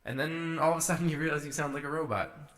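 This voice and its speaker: A man's voice: a little high, steady tone, fast talker. A man casually talking through his vocal edits on a live stream, musing to himself as he works. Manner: musing to himself, sings short takes. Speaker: streamer producing music.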